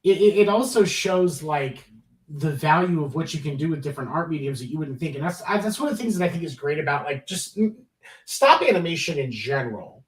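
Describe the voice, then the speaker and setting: A man's voice: fairly high pitch, lively intonation, fairly quick, roomy sound, distant mic, rough recording. A man co-hosting a late-night sports talk podcast, chatting casually and rambling with many restarts. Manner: rambling, many restarts, enthusiastic about comedy. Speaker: podcast co-host. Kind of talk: casual chat.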